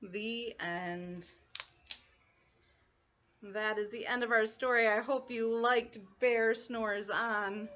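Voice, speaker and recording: A woman teacher reading a storybook aloud to young children, expressive and stopping to explain words. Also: a little high, slow pace, pauses often. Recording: lo-fi muffled recording.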